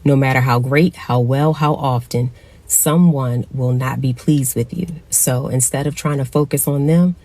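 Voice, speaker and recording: A motivational speaker talks in an earnest, direct way and encourages the listener. The voice is mid-pitched, with a mellow, dark tone. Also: fairly even intonation, normal speed. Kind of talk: motivational talk.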